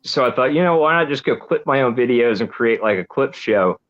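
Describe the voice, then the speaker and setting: A man's voice: medium pitch, animated, a little fast, a bit bright, highs cut off. A man guesting on a podcast over a video call, easygoing and laughing at himself. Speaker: guest YouTuber. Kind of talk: casual chat.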